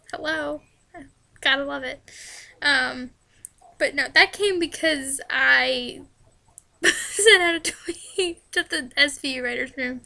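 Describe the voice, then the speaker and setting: A young woman with a high, bright voice and a fair amount of vocal fry answers fan questions in a relaxed vlog chat. She often breaks into giggles partway through her sentences, and her delivery stays loose and conversational. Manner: giggly, laughs often while talking. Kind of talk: casual chat.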